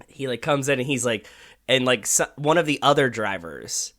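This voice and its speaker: A man with a bright, forceful voice co-hosts a podcast. He rambles loosely and fills his talk with fillers and the odd curse word. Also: mid-range voice, lively intonation, moderate pace. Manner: rambling, many fillers, swears casually. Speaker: podcast co-host. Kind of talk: casual chat.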